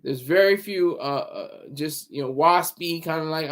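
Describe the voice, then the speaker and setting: A man's voice: on the high side, normal speed, a bit bright. A man livestreaming casual commentary in a rambling, sarcastic way. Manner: rambling and sarcastic, with frequent restarts.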